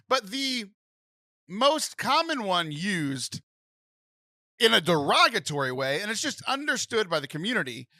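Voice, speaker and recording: A man with a bright, fairly high voice that swings up and down as he talks. He explains things at length in a casual podcast chat and laughs often. The sound is close and dry. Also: very animated, normal speed, no echo. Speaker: podcast host.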